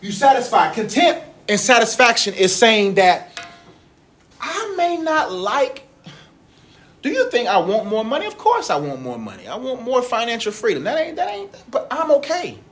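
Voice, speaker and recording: A man in his thirties giving a casual, animated sermon talk, laughing often as he speaks. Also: very high voice, moderate pace, a little hiss or hum. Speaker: preacher.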